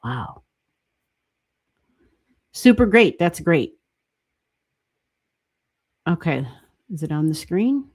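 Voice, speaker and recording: A woman hosting a livestream, chatting casually as she reads charts, excitable and laughing often, with casual swearing. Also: low-pitched, takes it slowly, long pauses, no echo. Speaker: astrology livestream host.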